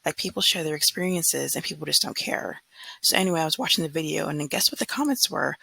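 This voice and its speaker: A woman's voice: low voice, a little fast, creaky, pushed and bright, slightly rough, no room sound, poor audio. A woman in her thirties from California, talking earnestly and frankly in a casual vlog monologue, often mimicking others in mocking quotes. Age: 30s. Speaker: vlogger.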